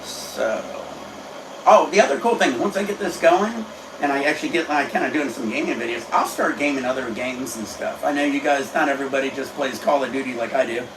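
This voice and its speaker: A man's voice: mid-range voice, a little fast. A man hosting a casual home livestream, rambling in a laid-back way and swearing now and then. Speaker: livestream host. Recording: echoey room, faint background noise.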